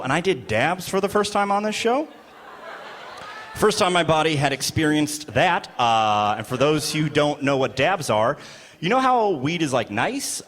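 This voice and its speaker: A man performs a stand-up set, telling a story with lively delivery, laughing as he goes and doing voices. His voice sits on the high side, with a little background noise.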